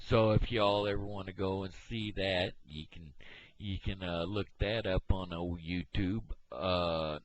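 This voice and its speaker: A man from Missouri vlogging in a meandering, halting, folksy monologue. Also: sits low. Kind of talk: rambling casual monologue. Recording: dull lo-fi home recording.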